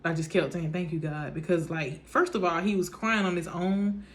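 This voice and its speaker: A woman's voice: lowish voice, normal speed. A young woman, casually telling her viewers a personal story, acting out what everyone said. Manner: chatty, animated, speaks in reported dialogue, says "y'all" often.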